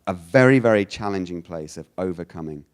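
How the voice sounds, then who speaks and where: A man from the United Kingdom giving a lecture, animated, often restarting his sentences and acting out quoted lines. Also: low-pitched, a little fast, clear, resonant tone. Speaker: speaker giving a talk.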